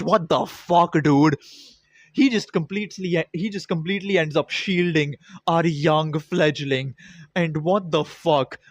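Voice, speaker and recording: A man's voice: a little high, dry recording. A man ranting through a film review vlog, sarcastic and heavily profane. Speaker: film critic.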